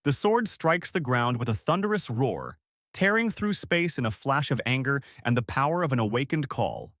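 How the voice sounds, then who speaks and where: A man narrates a scripted story recap, his mid-pitched voice held in an even, descriptive storytelling delivery. He sits close to the mic, with a dry, dead sound and no room around him. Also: normal speed, no echo.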